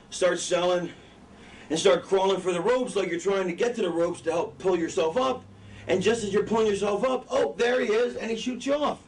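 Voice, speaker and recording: A man lecturing wrestling students in a casual, profane, rambling way, often losing his train of thought. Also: sits high. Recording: distant mic with background noise.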